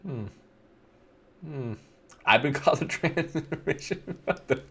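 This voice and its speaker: A man's voice: on the high side, lively intonation, slow pace, a bit bright, slightly rough. A young man streaming live, reading viewer slides aloud and reacting with wry, bemused asides and chuckles. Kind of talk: casual live-stream commentary.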